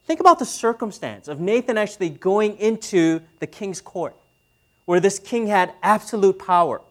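A man in his thirties preaching a sermon as pastor, speaking conversationally and asking the audience questions. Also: sits high.

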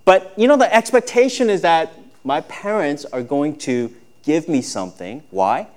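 A man with a fairly high voice preaching a sermon. He talks conversationally, like a pastor speaking to his congregation, and acts out quoted speech with lively shifts in tone. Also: moderate pace.

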